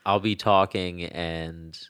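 A man's voice: sits low, steady tone, takes it slowly, fairly bright tone, smooth, no room sound, clean studio sound. A young man co-hosting a podcast in casual chat, swearing and laughing a lot, self-conscious about his own speech. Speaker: podcast co-host.

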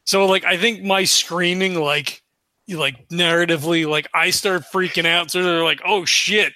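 A man's voice: high-pitched, steady tone, moderate pace, bright, forceful tone, no room sound. A man playing a tabletop game, chatty and full of fillers. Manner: chatty, many likes, restarts. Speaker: player.

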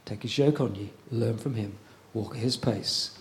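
Man, preacher, sermon, relaxed chatty delivery, frequent pauses and restarts. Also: on the low side, a little hiss or hum. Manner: conversational, pausing, repeats words.

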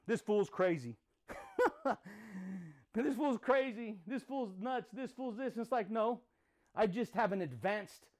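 Intense high-voiced man, punchy motivational talk. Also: darkish tone. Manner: intense, punchy, profane, repeats phrases. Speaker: podcast host. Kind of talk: motivational monologue.

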